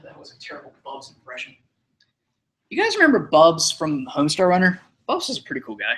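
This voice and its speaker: A man's voice: a little high, wildly swooping pitch, brisk, sharp tone. A young male streamer talks in a loose, rambling way. He swears freely and laughs often. He sounds like a casual live-stream host.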